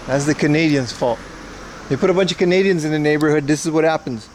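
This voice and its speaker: A man's voice: fairly high pitch, fast, a little mellow, slight background noise. Joking young man streaming outdoors. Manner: joking, wry, rambling. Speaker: livestream host. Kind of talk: casual chat with stream viewers. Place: outdoors on town streets.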